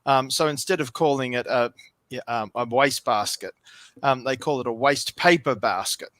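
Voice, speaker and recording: A man's voice: mid-range voice, normal speed, fairly bright tone, dry recording. A man from Australia with an Australian accent, chatting casually on a stream, easygoing and rambling with frequent ums. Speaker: stream host. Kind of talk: casual chat.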